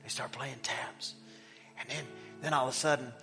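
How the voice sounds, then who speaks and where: Animated preaching man in a reverberant church. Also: medium pitch, normal speed, gravelly. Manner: animated storyteller, swinging from loud emphasis to hushed. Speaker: pastor. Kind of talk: sermon with personal storytelling. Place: church sanctuary. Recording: long hall reverb with faint music.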